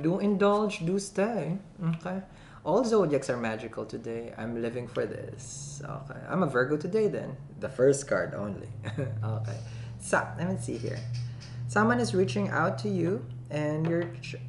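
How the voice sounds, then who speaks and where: A playful tarot reader talks straight to the viewer, cracking jokes and laughing between card pulls. The voice sits at a middle pitch and carries a clear room echo, with a faint hum of background noise. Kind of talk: casual tarot reading to camera. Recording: roomy echo.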